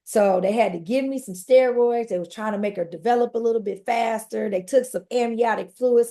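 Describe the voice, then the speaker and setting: Woman with a gravelly voice, telling her story. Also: on the high side. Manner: earnest, addresses listeners directly. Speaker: podcast guest. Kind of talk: personal testimony storytelling.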